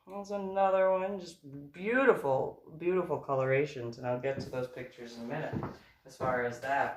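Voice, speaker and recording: Laughing woman telling a dive story, roomy. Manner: laughing, animated, acts out dialogue in a high voice. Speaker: author reading and commenting on her book. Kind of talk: casual storytelling about a dive trip. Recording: roomy sound, a bit far from the mic.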